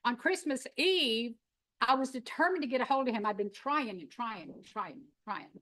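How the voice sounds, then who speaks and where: A middle-aged woman, telling her story in an animated, folksy, emphatic way. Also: fairly high pitch, normal speed. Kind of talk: storytelling talk.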